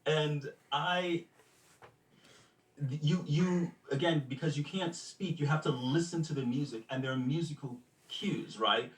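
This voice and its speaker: A man guest on a podcast, telling animated stories of his time as a stage performer, acting out quotes and humming rhythms. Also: fairly high pitch, measured pace. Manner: animated storyteller, acts out quotes and hums rhythms. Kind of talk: casual interview storytelling. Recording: echoey, distant mic.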